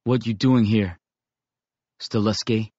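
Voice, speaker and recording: A man voicing a gruff, commanding teenage gang leader in an audiobook, growling his words. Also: lowish voice, steady tone, takes it slowly, mellow, no room sound, dull audio. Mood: hostile.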